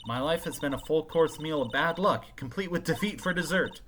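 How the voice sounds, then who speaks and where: A man's voice: fairly high pitch, normal speed, background noise, pitched above the performer's own voice, close to an everyday voice. A man voicing an exasperated young male defense lawyer in an amateur game voice-over, with game music behind.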